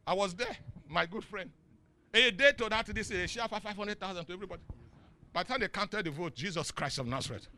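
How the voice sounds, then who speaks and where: A middle-aged man with a Nigerian accent preaching a sermon in call-and-response style. He swings from soft asides to shouts and chuckles often. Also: high voice, fairly quick, a little hiss or hum. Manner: chuckles often mid-sentence. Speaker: pastor.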